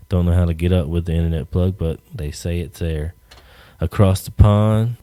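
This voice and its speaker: A man's voice: low-pitched, warm tone, smooth, no room sound. A man hosting a podcast, ranting casually with rambling, profane, joking asides. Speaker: podcast host. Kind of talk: casual solo rant.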